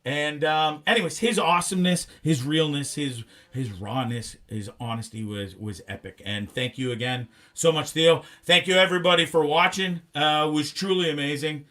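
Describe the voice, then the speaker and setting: A man hosting a live talk show, rambling and animated, swearing freely. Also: fairly high pitch, normal speed, hardly any pauses. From Canada. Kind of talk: casual live show chat.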